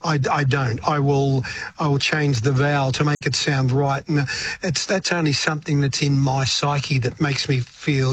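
A man's voice: medium pitch, flat delivery, moderate pace, slight background noise. An older Australian man, a musician, talking in a radio interview with frequent restarts and repeated words. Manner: rambling, repeats words, laughs often. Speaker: guest musician.

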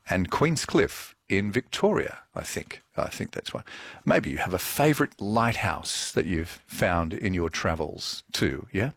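A man's voice: deep voice, no echo, clean studio sound. A middle-aged man with an Australian accent hosting a casual morning radio show, chatting in a meandering, self-correcting way. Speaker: radio host. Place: radio studio. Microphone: studio microphone.

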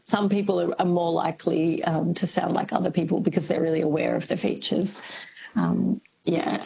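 A woman's voice: fairly low pitch, creaky, slight background noise, poor audio. A woman expert explaining accents on a radio interview, thoughtful and with frequent fillers. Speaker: linguistics expert guest.

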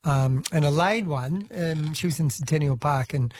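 Male radio host, high voice, playful teasing banter. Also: moderate pace, a little mellow. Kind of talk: casual radio chat.

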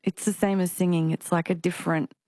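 A woman, a singer, talking in a casual interview with halting speech and frequent restarts from a stutter. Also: lowish voice, flat delivery, darkish tone, no room sound, clean studio sound. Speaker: singer and performer, interview guest.

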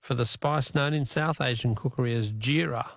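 A man with an Australian accent hosting a talkback radio quiz, jovial and quick to laugh. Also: mid-range voice, gravelly, fairly bright tone, dry recording, studio quality.

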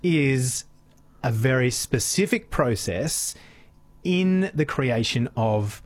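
A man, a speech pathologist guest on a radio show, explaining in a measured, patient way. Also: mid-range voice, expressive. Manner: measured, explanatory, some fillers.

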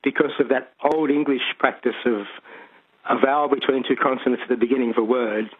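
A man's voice: mid-range voice, fairly even intonation, brisk, breathy edge. A man from Sydney, calling in to a radio show, rambling with chuckles and lots of ums. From Sydney, Australia. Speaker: caller. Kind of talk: casual chat on the phone. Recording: tinny phone line.

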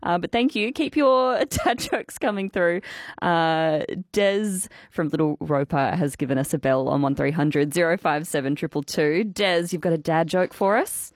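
A woman hosting talkback radio, bubbly and quick to laugh. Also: on the low side, no room sound, clean studio sound. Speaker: radio host.

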